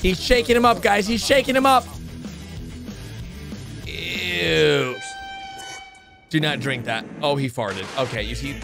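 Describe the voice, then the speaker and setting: A man's voice: unhurried, gravelly, long pauses. Hyped gaming guy reacting to a video, voice jumping all over, music going in the background. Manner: excitable, swings from low mutters to high yelps. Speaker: gaming channel host.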